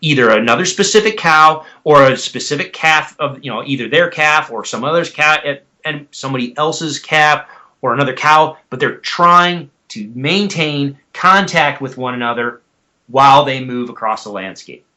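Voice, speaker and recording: A man's voice: on the high side, moderate pace, bright, forceful tone. A man who is an expert guest on a podcast, explaining earnestly and step by step while repeating words as he goes. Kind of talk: explanatory interview answers.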